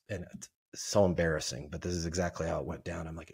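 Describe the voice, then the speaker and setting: A man who is a podcast guest, telling a sales story in an animated way and acting out the quotes. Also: low-pitched, fast, creaky, slightly rough. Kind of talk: storytelling interview.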